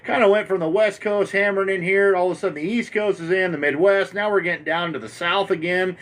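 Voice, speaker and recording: Chatty ham radio man, slightly high voice. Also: steady tone, quick pace, fairly bright tone. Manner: rambling, chatty talker. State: tired after hours on air. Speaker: amateur radio operator. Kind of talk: casual on-air radio chat. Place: home radio station, seated.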